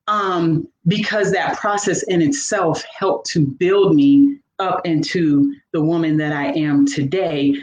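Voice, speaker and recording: A woman, a fitness coach and veteran, telling her personal story in a lively, motivational way during a live interview. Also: low voice. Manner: animated, motivational, acts out her own inner voice. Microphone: live video call. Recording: echoey room with faint background noise.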